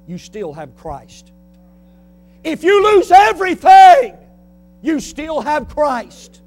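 Man preaching, high voice, loud bursts then hushed, faint hum. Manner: fiery, swings between shouting and quiet. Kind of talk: sermon.

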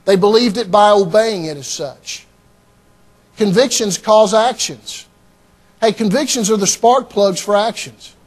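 A man's voice: high-pitched, measured pace. A man preaching a sermon as pastor, emphatic and repetitive, often starting lines with "hey" and "see".

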